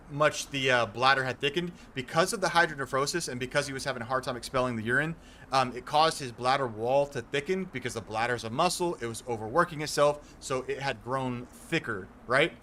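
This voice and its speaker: A man's voice: mid-range voice, a little fast, sharp tone, slight background noise. A young man streaming a game, talking casually and earnestly to his viewers from a home setup, rambling and restarting as he explains. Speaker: gaming streamer.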